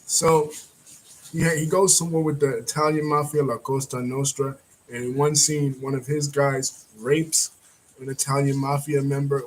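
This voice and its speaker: A man casually recapping a film's plot as a reviewer, rambling with frequent fillers and throat-clearing. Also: mid-range voice, a little hiss or hum, low-quality recording. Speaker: movie reviewer.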